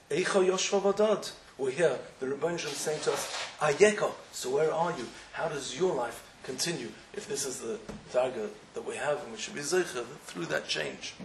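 A man's voice: on the high side, creaky, reverberant, background noise. A man giving a sermon as a rabbi, with an impassioned manner that builds into emphatic questioning.

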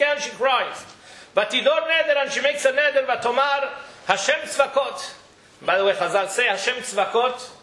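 High, bright-voiced man teaching Torah. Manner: animated, mixes Hebrew quotes with English explanation. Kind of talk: Torah class. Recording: echoey room with faint noise.

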